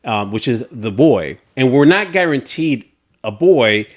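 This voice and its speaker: A man co-hosting a casual podcast chat, telling stories in an animated way and laughing often. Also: mid-range voice, unhurried. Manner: animated storyteller, laughs often, acts out reactions. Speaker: podcast co-host.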